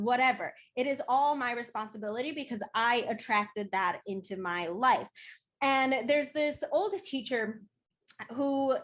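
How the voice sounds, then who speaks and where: A woman's voice: fairly high pitch, moderate pace, fairly bright tone. A woman guest speaking as a coach in a casual interview, earnest and chatty with many fillers.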